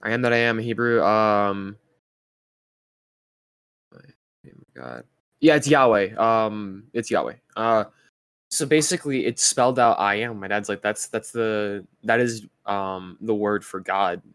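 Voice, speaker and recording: A man's voice: fairly low pitch, unhurried, a bit bright, clean tone, no echo. Young man rambling through a story. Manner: rambling storyteller, many fillers and restarts. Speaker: podcast co-host. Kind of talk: casual chat.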